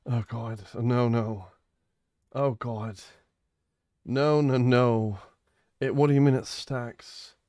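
A man live-streaming in casual chat, flustered and pleading, saying he is tired and a little high, who repeats words in bursts. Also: fairly even intonation, slow, pauses often, darkish tone, dry recording, studio quality.

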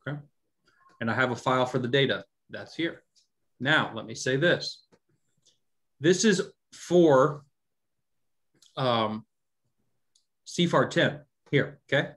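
A man's voice: mid-range voice, fairly bright tone. A man teaching a live coding lecture to a class. He talks casually and keeps checking in with the students. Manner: conversational, often checks in with the class. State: has hiccups. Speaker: instructor.

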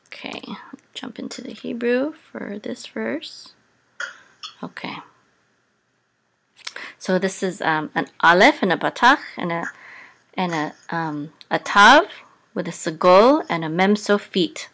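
A woman teaching a casual Hebrew reading lesson, sounding out letters slowly with many pauses and ums. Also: a bit bright. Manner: slow, deliberate, with many ums, sings the trope marks on a higher pitch.

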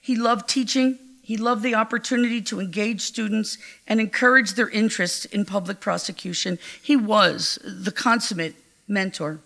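An older woman giving a heartfelt, measured eulogy at a memorial gathering. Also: medium pitch, gravelly, fairly bright tone. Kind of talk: memorial tribute speech.

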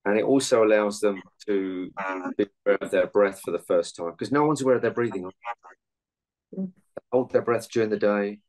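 A man's voice: lowish voice, normal speed, a little mellow, rough recording. A man, a meditation and martial arts coach, giving earnest interview answers full of anecdotes from his coaching.

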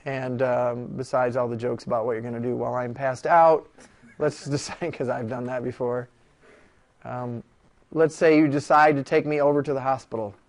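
A man lecturing a classroom on law, animated and jokey, firing rhetorical questions at his students. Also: mid-range voice, normal speed.

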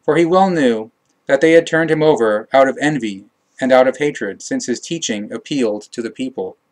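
Male audiobook narrator for a religious text; measured, mid-pitched, correcting himself now and then. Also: low-quality recording. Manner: measured reading with occasional self-corrections.

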